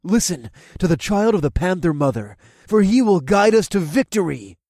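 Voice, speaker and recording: Casting: man putting on a gentle old man, soft, courtly, raised pitch, dry audiobook read. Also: very animated, moderate pace, no echo. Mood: solemn. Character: old kindly father, gentle and fearful. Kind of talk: audiobook character voice.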